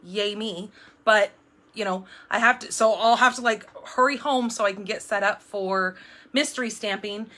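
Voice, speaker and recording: A woman's voice: mid-range voice, normal speed, sharp tone. A middle-aged woman hosting a live craft stream from home, chatting in an upbeat, rambling way with lots of fillers and restarts. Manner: jumpy, self-described. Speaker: card-making demonstrator hosting a live stream.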